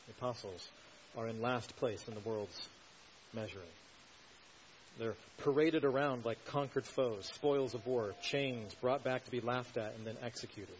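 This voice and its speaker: A man preaching an expository sermon at a mid pitch, steady and earnest, pressing harder on his key points. The recording sounds a little dull, with a faint hiss underneath. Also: measured pace. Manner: earnest, explanatory, builds emphasis on key points.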